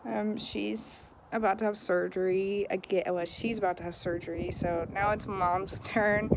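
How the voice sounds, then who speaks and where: A woman's voice: medium pitch, fairly even intonation, moderate pace, gravelly, noisy background. A young woman telling a story in a casual vlog, chatty and frustrated, laughing often, filming on a phone outdoors in the cold. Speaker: vlogger.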